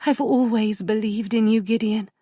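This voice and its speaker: Woman doing a shy gentle young governess. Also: fairly high pitch, steady tone, moderate pace, slightly rough, no echo, clean studio sound, pitched above the performer's own voice. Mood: tender.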